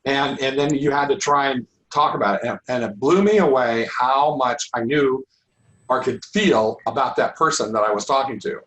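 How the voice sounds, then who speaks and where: A middle-aged man teaching a holistic healing class, talking informally and restarting his sentences, his voice going hoarse. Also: medium pitch, normal speed, fairly bright tone, rough recording. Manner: rambling, restarts sentences often. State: losing his voice. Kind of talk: informal online class talk.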